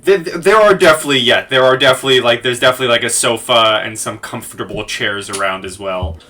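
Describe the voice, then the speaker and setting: Man, game master, bright tone, stammers, narrating. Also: mid-range voice, fast. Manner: stammering restarts.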